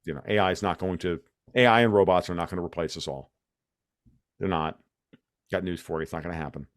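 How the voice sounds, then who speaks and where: This American man has a low voice, a steady tone and a fast pace, recorded cleanly in a studio with no room sound. As an interview guest he rants emphatically about his views, often restarting sentences in animated conversation.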